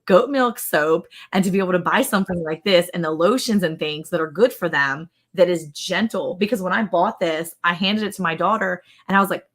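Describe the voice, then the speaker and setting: Low-voiced storytelling woman host. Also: fairly quick, hardly any pauses, fairly bright tone. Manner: rambling storyteller, acts out quotes. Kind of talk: casual chat.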